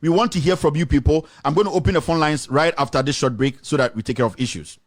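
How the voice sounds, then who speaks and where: A Ghanaian man hosts a political call-in radio show with a fiery, combative delivery. His voice sits fairly high for a man, and he moves quickly between English and Twi. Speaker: radio talk show host. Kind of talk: heated political talk radio.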